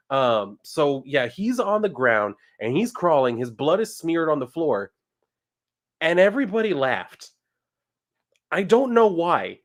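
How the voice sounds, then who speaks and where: Animated swearing male streamer. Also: on the high side. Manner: animated, swearing, reads chat aloud. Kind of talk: casual live-stream chat.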